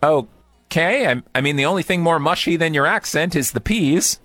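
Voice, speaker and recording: Teasing radio host, lively pitch. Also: male voice, moderate pace, dry recording, soft background music. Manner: teasing, slips into mock British slang. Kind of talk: playful on-air banter.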